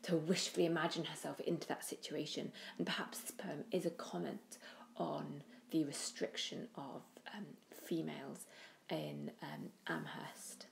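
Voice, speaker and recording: A woman giving a poetry analysis lesson, thoughtful, with pauses and restarts, often trailing off quietly. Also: low-pitched, fairly even intonation, gravelly, a little hiss or hum. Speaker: teacher.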